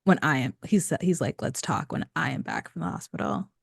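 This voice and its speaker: Woman, very low gravelly voice, dry close sound, casual podcast recap. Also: expressive, fairly quick, no echo. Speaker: podcast co-host. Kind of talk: casual book recap chat.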